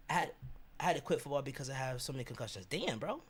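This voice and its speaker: A young man telling a personal story as a vlogger, animated, slangy and profane, acting out the people he quotes. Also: medium pitch, racing, breathy edge.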